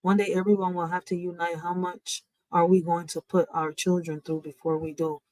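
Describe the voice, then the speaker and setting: A woman's voice: lowish voice, little pitch movement, moderate pace, a little mellow, no echo, poor audio. A woman, hosting a livestream from home in an impassioned, preachy rant, swearing freely. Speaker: livestream host.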